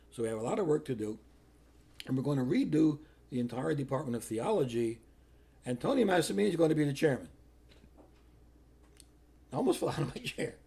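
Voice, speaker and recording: An older man tells the story of his years as a priest in a plain, unhurried interview style. His voice is gravelly and husky, with a dark, mellow tone. When he quotes other people, he acts out their words. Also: mid-range voice. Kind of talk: personal storytelling.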